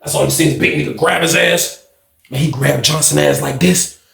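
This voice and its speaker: A man in his thirties telling a prison story in a loose, profane, animated way, acting out the other people's shouts as he goes. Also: fairly high pitch, fairly quick, vocal fry, reverberant. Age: 30s. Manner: animated, swearing, acts out shouts and screams of others. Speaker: storyteller host.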